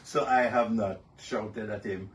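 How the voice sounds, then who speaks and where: An older man sharing fatherhood stories in an interview, gentle and measured, chuckling often. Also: on the low side, steady tone. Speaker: guest. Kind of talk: reflective interview storytelling. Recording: somewhat distant mic with faint noise.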